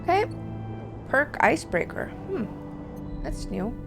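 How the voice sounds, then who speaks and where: A woman game streamer with a hoarse, tiring voice, reading game text aloud and commenting while she plays, often clearing her throat. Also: high voice, very animated, unhurried, music in the background. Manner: frequent throat clearing, self-correcting. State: hoarse, voice giving out.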